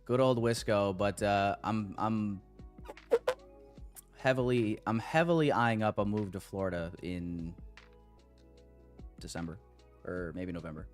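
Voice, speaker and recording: A man's voice: on the low side, a little slow, long pauses, soft background music. Chatty American man streaming live. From United States. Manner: rambling, chatty, reading chat aloud. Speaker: trading livestream host. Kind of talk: casual livestream chat.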